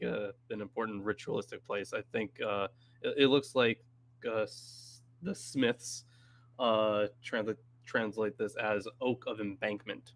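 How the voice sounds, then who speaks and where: A man's voice: fairly low pitch, fairly bright tone. Hesitant man in casual chat. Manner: hesitant, with many uh fillers. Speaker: discussion panelist.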